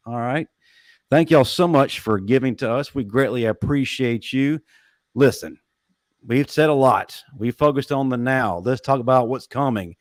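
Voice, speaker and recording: A man of middle pitch hosts a sports talk show and presses his guests with probing questions. His voice sounds dry and close, with little room around it. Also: dry recording. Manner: probing, asks rapid questions. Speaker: show host.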